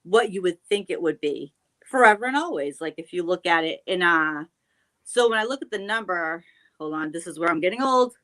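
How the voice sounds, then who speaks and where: A woman's voice: lowish voice, animated, a little fast, a bit bright. Earnest woman in casual chat. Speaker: guest tarot reader.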